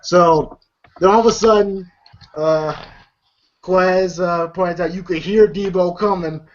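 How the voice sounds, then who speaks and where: Man, slightly high voice, rambling film recap, lo-fi sound. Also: steady tone, slow. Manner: rambling retelling full of fillers and laughs. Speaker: movie review host. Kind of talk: casual chat recapping a film. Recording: dull lo-fi recording.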